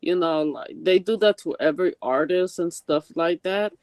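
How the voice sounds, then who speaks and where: A co-host chats in a relaxed, casual way at an everyday middle pitch. The sound is close and dry. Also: moderate pace, no room sound. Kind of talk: casual chat.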